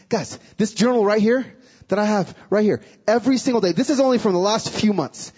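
High, husky-voiced male preacher. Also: fairly quick, dull audio. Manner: animated, acts out dialogue. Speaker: guest speaker. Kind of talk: sermon with storytelling.

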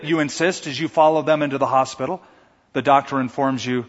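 A man's voice: medium pitch, fairly even intonation, a little fast. A male pastor preaching a sermon, telling a story in a vivid, dramatic way. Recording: echoey hall, dull lo-fi sound.

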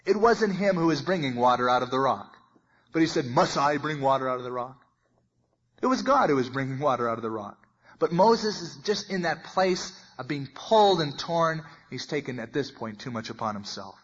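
A man preaching a sermon and teaching verse by verse, talking in a conversational way and acting out the voices in the passage, with big swings in loudness. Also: medium pitch, animated, normal speed, breathy edge. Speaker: pastor. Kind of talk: expository Bible teaching. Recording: muffled lo-fi recording.

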